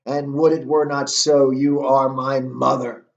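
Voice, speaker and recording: A man's voice: mid-range voice, fairly even intonation, slow pace, close to an everyday voice. A man voicing a bitter young prince who confronts his mother with sarcastic, combative declaiming, in a roomy, muffled recording.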